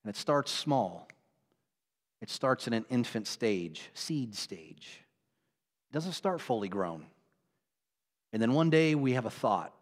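A man preaching a sermon as pastor, moving between loud exclamations and quiet asides, with laughs between points. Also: medium pitch, big pitch swings, slow pace, long pauses. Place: church sanctuary. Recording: long hall reverb.

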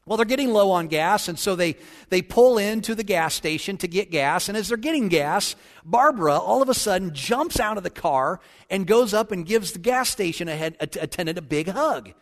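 A man's voice: high-pitched, animated. A male pastor preaching a sermon, reading scripture, praying and telling jokes in a folksy way. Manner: folksy and joking, with a solemn, slowed prayer voice. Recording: long church reverb.

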